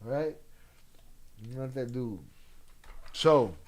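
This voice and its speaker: A man's voice: medium pitch, very slow. A man streaming and reading chat in a loose, profane way, dropping in Spanish slang. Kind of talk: casual live-stream chat.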